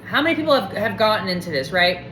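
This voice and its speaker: A woman's voice: mid-range voice, big pitch swings, fast, a bit bright, faint music behind. Rambling woman telling a story in a roomy space. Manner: rambling, digressive, acts out quoted dialogue. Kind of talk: casual storytelling monologue. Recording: roomy echo.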